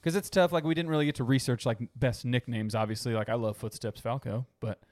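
Swearing, fast-talking podcast guy. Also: mid-range voice, no room sound, studio quality. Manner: animated, swears casually, quick asides. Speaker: podcast co-host. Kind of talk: casual movie podcast chat.

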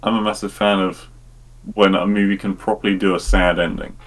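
A low-voiced man giving his frank take on a film as a podcast co-host. He speaks bluntly, with strong opinions and casual swearing. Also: flat delivery, a little fast, rough recording. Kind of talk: casual movie review chat.

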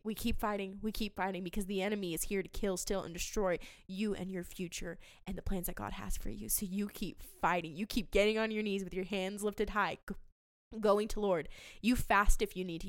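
A young woman hosts a faith podcast, speaking earnestly and emotionally, often stopping to restart her sentences. Her voice is smooth and clear, and it sits dry and close with no room sound around it. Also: mid-range voice, steady tone, fairly quick, dry recording. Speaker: podcast host.

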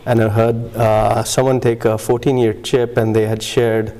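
A man telling his personal recovery story in a halting way, with many fillers and pauses. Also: medium pitch, little pitch movement, dark tone. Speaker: recovery meeting speaker. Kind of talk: personal testimony.

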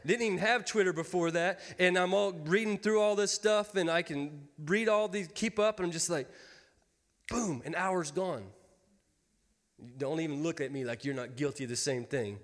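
Joking pastor in his thirties, high voice. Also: normal speed, a bit bright. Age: 30s. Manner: folksy, joking with the congregation. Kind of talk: sermon. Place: church sanctuary. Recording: long hall reverb.

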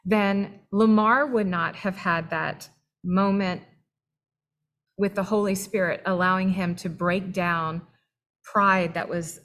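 A woman's voice: medium pitch, steady tone, takes it slowly, fairly bright tone. A woman co-hosting a faith-based talk, supportive and earnest as she speaks straight to listeners. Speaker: webinar co-host. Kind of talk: candid faith-based conversation.

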